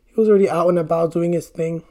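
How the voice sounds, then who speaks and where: A man's voice: a little high, fairly even intonation, quick pace, darkish tone. A young man vlogging casually, telling a rambling dating story while doing his makeup, peppered with swearing and "bro". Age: young adult.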